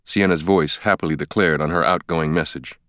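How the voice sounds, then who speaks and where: Deep, smooth male audiobook narrator. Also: no echo, clean studio sound. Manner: measured, steady reading. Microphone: close studio mic.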